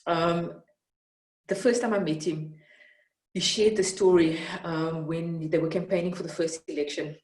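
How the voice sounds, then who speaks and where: A South African woman with a low voice talks in an earnest, reflective way, lively when she retells a scene. She sits some way from the mic in a room with a noticeable echo. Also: a little slow. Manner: earnest, animated when retelling, frequent fillers. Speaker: interviewee, mentor. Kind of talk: reflective storytelling in conversation. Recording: roomy, from some distance off the mic.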